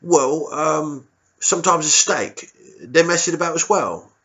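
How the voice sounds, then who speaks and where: A man's voice: fairly high pitch, lively intonation, a little slow, a bit bright, pitched above the performer's own voice. A man voicing a nervous young soldier who hesitates, mumbles and repeats himself, dodging a superior's questions. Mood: nervous, evasive. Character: nervous young male soldier, evasive and vague. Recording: dull lo-fi recording.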